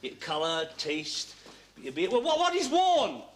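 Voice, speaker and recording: A fussy, self-important middle-aged father who rambles as he prepares to judge wines. His voice sits fairly high for a man. Faint hiss runs under the old TV soundtrack. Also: wildly swooping pitch, unhurried, heavily acted.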